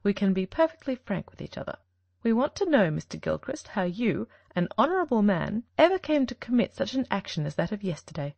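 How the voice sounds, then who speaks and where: Woman reader doing a sharp know-it-all detective, swoopy gravelly voice, dry close mic. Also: medium pitch, big pitch swings, brisk, no echo. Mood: stern. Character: shrewd confident male detective, commanding. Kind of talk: audiobook reading.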